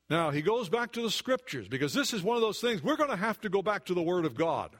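A male pastor delivers a sermon in a high, light voice. He talks earnestly to his congregation, often sinking into near-hushed tones before rising again. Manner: earnest, swings between hushed and raised.

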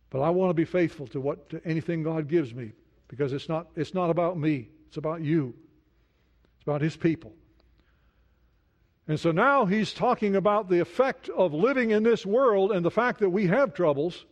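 A man preaching a sermon in an earnest way, dropping to a soft hush when he speaks prayers. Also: fairly high pitch. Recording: dull lo-fi sound.

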